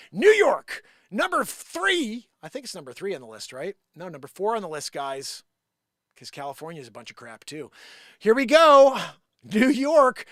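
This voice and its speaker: A man hosting a live comedy stream, reading an article aloud and cutting in with sarcastic, mocking jabs. His voice sits high and leaps all over the place. The sound is dry and close. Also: fairly bright tone, no room sound.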